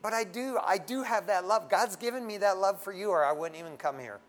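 A man with a high voice preaches to a congregation in a loose, street-level way. He talks straight and plain, like a brother, and keeps dropping "man" into his lines. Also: a little fast. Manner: folksy and frank, often tags lines with "man". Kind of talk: casual sermon. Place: standing before a congregation.

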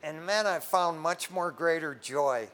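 Middle aged pastor guy, kinda high voice, preaches loud then goes real quiet, casual and fired up. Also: measured pace. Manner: emphatic, rising to fervent prayer and dropping to hushed tones; conversational, says "man" often. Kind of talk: sermon.

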